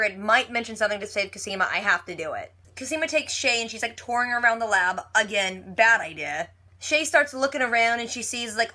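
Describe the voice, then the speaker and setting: A woman giving a casual TV episode recap, chatty and retelling scenes with quick quoted lines. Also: fairly high pitch, sharp tone. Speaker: TV recap vlogger.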